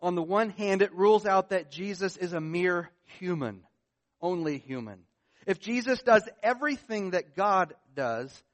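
A man preaching a sermon as pastor, stressing key words with rises and drops in voice. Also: high voice. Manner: emphatic, rising and falling with stress.

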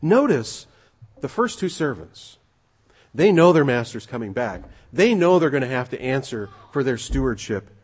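A man preaching a sermon, emphatic and conversational, with a slightly husky voice. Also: mid-range voice, very animated, normal speed, a little mellow. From United States. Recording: long reverb of a large hall.

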